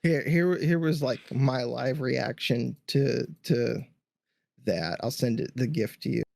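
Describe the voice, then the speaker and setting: A man's voice: medium pitch, slow, vocal fry, a little mellow, no room sound, clean studio sound. A man co-hosting a podcast, reviewing a movie in casual chat, trailing off and restarting mid-thought. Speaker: podcast co-host.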